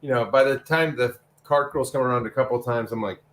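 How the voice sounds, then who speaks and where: Easygoing co-host from Arizona who rambles in a middle-pitched voice. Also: male voice, fast talker, a bit bright. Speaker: co-host sculptor. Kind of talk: casual podcast banter.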